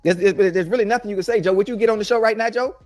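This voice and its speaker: Middle-aged male co-host, excitable storyteller, quick delivery in a high register. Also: dry recording, faint music behind. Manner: animated, keeps addressing his co-host by name. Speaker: co-host, former pro football player. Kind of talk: casual storytelling chat.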